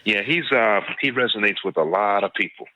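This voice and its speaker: A man's voice: on the low side, animated, fairly quick, sharp tone, no echo, highs cut off. A man who is a guest on a livestream, mostly answering with short affirmations and asking questions. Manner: short affirmations, reacts with "wow" and laughs. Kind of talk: casual chat.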